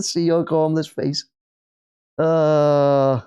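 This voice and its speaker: A man's voice: fairly high pitch, fairly even intonation, unhurried, long pauses, a little mellow, clear, resonant tone. A man with an English accent hosting a live football watch-along, chatting casually and cheering at the play.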